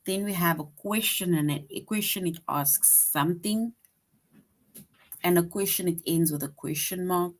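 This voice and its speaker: A woman's voice: fairly low pitch, moderate pace. A woman teaching a grammar lesson to young children, patient and repetitive, checking in with "right?" after each point.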